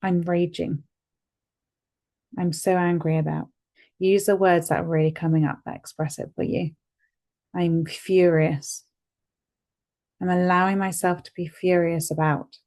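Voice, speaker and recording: A woman guiding a tapping session, speaking calmly and gently and repeating phrases for the listener to say back. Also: lowish voice, measured pace, pauses often. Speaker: EFT tapping guide.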